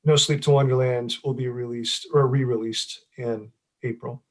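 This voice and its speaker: A man's voice: medium pitch, fairly even intonation, normal speed. A middle-aged man, an author, talking casually in an interview, rambling with many fillers and restarts.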